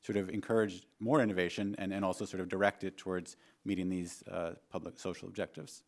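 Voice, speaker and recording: Male witness, low-ish voice, hedging and filler-heavy. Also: flat delivery, fast, vocal fry. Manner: hedging, many "you know" and "sort of". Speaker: economist witness. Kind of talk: hearing testimony.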